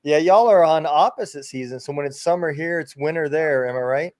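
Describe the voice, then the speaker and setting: A man's voice: a little high, brisk, a little mellow, no room sound. Easygoing male podcast host, dry sound. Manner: easygoing, agreeable listener. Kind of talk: casual interview chat.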